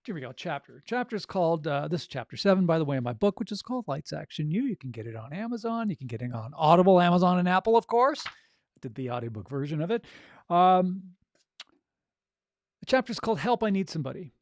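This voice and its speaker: A man's voice: sits high, very animated, fast, darkish tone, no room sound, studio quality. A man coaching audiobook narrators in a casual, upbeat chat, full of fillers like "you know". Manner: conversational, upbeat, with frequent fillers.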